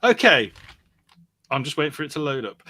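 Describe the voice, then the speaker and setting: A chatty man co-hosting a comedy podcast, reading odd news aloud with quips. His voice is fairly high, lively and bright. The sound is dry and close. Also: brisk, no room sound. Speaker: co-host.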